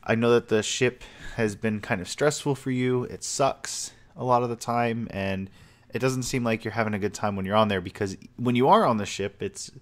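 A man's voice: medium pitch, normal speed. Rambling young man in a home office. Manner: rambling, sincere, loose and talky. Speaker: vlogger. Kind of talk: casual personal video message.

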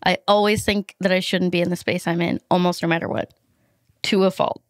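A woman's voice: lowish voice, little pitch movement, a little fast, no room sound, clean studio sound. A woman guesting on a podcast, chatting casually, self-deprecating and laughing often.

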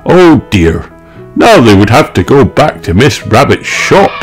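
A man reading a children's picture book aloud in a slow, expressive, sing-song manner. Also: medium pitch, slightly rough, soft background music. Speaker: storyteller.

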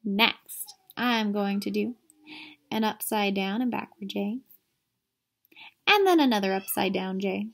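A woman's voice: mid-range voice, unhurried, gravelly, pauses often. A woman art teacher giving an upbeat online lesson to children, asking them questions and walking them through drawing step by step. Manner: upbeat, talks directly to kids with questions.

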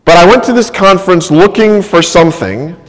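A man's voice: high voice, lively intonation, brisk. A male pastor preaching a sermon, telling a personal story in a conversational way and often checking in with "right?". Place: church sanctuary. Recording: long church reverb.

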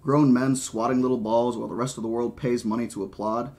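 Give me a man reading a talkative, lecturing mathematician, mid-pitched and dry. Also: fairly even intonation, brisk, darkish tone, close to an everyday voice. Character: wry, opinionated male mathematician.

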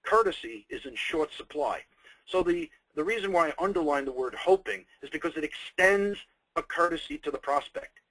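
A man's voice: fairly high pitch, animated, moderate pace, a bit bright, husky, no echo, rough recording. A man giving a sales training webinar, emphatic and conversational, repeating his key points with off-the-cuff humor. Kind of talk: webinar presentation.

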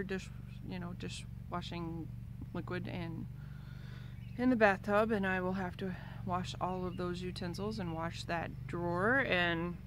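A middle-aged woman chatting casually in a home vlog, rambling with asides and fillers from her kitchen. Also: mid-range voice. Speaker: vlogger. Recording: home video with outdoor noise and mower.

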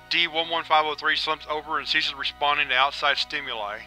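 A man narrating a scripted log and playing the interviewer in a dry, clinical, measured way. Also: fairly high pitch, fairly even intonation, sharp tone, faint music behind, low-quality recording. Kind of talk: scripted audio-drama narration.

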